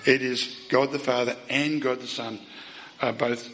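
A man preaching a sermon, emphatic, asking the listeners rhetorical questions and swinging between loud and soft. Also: medium pitch, steady tone, unhurried, poor audio.

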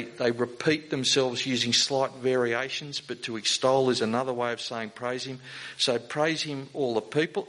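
A man's voice: mid-range voice, a bit bright, rough recording. Man, preacher, conversational sermon, rhetorical questions to the congregation.

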